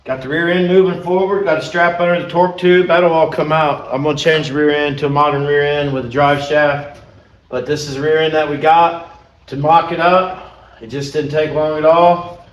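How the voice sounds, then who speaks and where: A man's voice: fairly high pitch, fairly even intonation, normal speed, lo-fi sound. A man hosting a car restoration vlog, chatting casually and folksy while he works and hands out plain advice. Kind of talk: casual chat and work narration.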